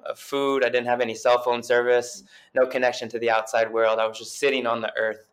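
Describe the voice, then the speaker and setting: An earnest young man recounts his story as a podcast guest, speaking in a fairly level, unvaried tone. His talk wanders with frequent fillers and restarts, at an ordinary middle pitch. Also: monotone, a little fast. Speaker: guest chiropractor and coach. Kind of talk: casual storytelling interview.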